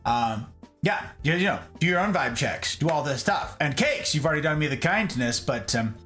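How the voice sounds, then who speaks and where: A man hosting a live stream, chatting casually and greeting his viewers in a playful, animated way. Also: a little high, normal speed, faint music behind.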